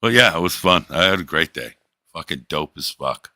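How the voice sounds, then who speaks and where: A middle-aged man with a very low voice that still has a bright, forceful edge, hosting a livestream in casual chat. He talks in a crude, boastful way and teases his listeners. The sound is dry and close to the mic. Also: lively intonation, moderate pace, dry recording. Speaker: livestream host.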